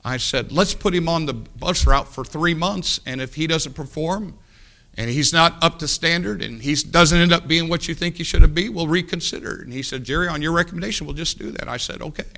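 A man preaching a sermon, telling a folksy story in a hushed voice and then rising into loud exhortation. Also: on the high side, a little fast, gravelly.

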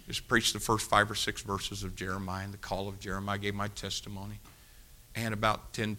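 A male preacher telling a revival story in a folksy, animated sermon style, swinging between loud emphasis and hushed moments. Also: on the low side.

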